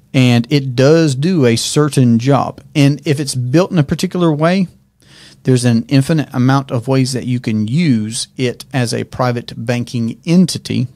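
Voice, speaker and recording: A man's voice: medium pitch, a little mellow, no room sound. A middle-aged man hosting a talk in an office, explaining ideas step by step and checking in with questions as he goes. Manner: teaching with frequent check-in questions. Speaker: host and financial educator.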